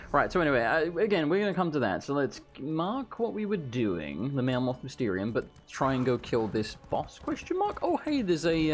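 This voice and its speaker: Animated, joking man playing a game. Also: fairly high pitch. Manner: joking, chatty, reacts loudly to the game. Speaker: let's play host. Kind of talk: gameplay commentary.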